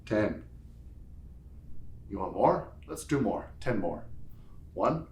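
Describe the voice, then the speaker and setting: A male fitness instructor talks slowly and patiently through a strength routine, counting each rep out loud. His voice sits at an ordinary pitch. The room around him rings with echo. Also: lively intonation. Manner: counts reps aloud, playful asides. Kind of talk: guided workout instruction. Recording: echoey room.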